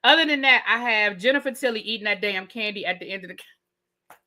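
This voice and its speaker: A woman's voice: medium pitch, fairly quick, pushed and bright. A woman reviewing a TV show in a live rant, heated and profane, with repetitive slangy outbursts aimed at her viewers. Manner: slangy, addresses viewers as y'all and baby.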